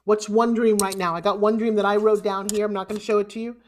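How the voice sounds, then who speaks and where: A woman's voice: mid-range voice, steady tone, quick pace, a little hiss or hum. A woman giving a motivational keynote, speaking with emphasis and rousing the audience. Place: online summit.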